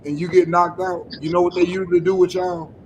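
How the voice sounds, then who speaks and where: A man's voice: high-pitched, level tone, quick pace, darkish tone, slight background noise. A man on a casual chat panel, giving emphatic, preachy advice in blunt, profane language.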